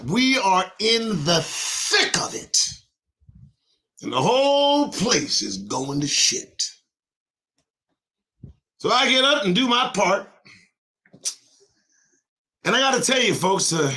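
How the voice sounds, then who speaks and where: A middle-aged man hosting his own show, ranting in a rhyming monologue with sudden shouts and swearing. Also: sits high. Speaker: host of a daily online show.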